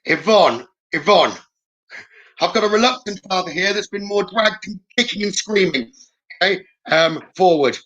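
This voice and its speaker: A man with a high-sitting, fairly bright voice gives live spirit messages as a psychic medium, animated and at a normal speed. He's reassuring and keeps tacking on "okay?" The recording sounds muffled.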